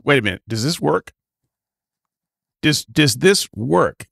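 A man with a slightly raised voice, talking very slowly in a flat, sarcastic, mocking way. The sound is dry and close, with no room echo. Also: on the high side, vocal fry. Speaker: commentator. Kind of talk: reaction commentary.

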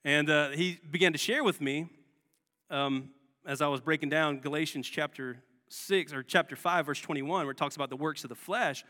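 A man's voice: on the high side, moderate pace, pushed and bright. A man preaching a sermon as guest pastor, talking conversationally and asking the congregation rhetorical questions. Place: church sanctuary. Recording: long church hall reverb.

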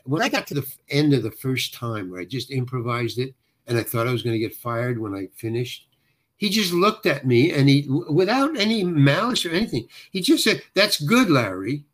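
An older man spins a long story from his acting days in a loose, conversational way. He circles back and corrects himself often as he works his way through it. His voice sits at an ordinary middle pitch. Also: animated, brisk. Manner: rambling, self-correcting storyteller with frequent restarts. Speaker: guest actor.

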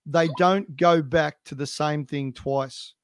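Emphatic man, slightly high voice. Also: fairly even intonation, slow, smooth, dry recording. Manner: emphatic, repeats points for stress. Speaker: swim coach, podcast co-host. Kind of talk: casual podcast chat.

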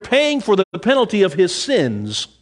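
Middle-aged guy preaching a sermon, kinda high voice, lots of ups and downs, goes low and soft on the bible quotes. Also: wildly swooping pitch, normal speed. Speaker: pastor.

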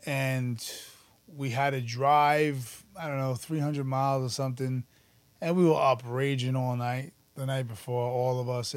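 A man, telling stories about his past in an animated, profane, casual interview. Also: mid-range voice, smooth, no echo. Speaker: podcast guest, musician and actor.

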